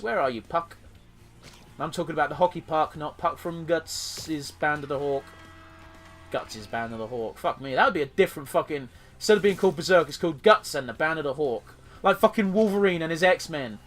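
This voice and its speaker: A man's voice: on the high side, a bit bright. Sweary, rambling gamer man. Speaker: let's play host. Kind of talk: gameplay commentary.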